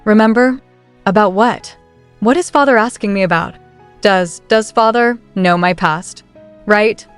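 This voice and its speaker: A woman's voice: mid-range voice, unhurried, clear, resonant tone, faint music behind, natural voice. A woman voicing an anxious young noblewoman who speaks hesitantly, in a flustered way.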